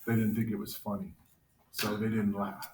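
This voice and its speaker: A man's voice: fairly low pitch, normal speed. Joking male teacher in an echoey classroom. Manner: joking, deadpan storytelling. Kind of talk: classroom talk with jokes. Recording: echoey classroom, faint noise.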